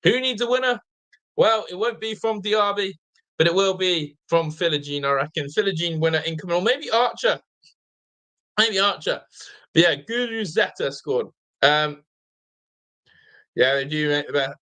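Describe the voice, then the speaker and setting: A man's voice: a little high, animated, moderate pace, pauses often, pushed and bright. A man from England hosting a live fan watch-along, chatting loosely, reading viewer comments and grumbling at the team, sounding half asleep. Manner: chatty, reads out viewer comments, swears mildly.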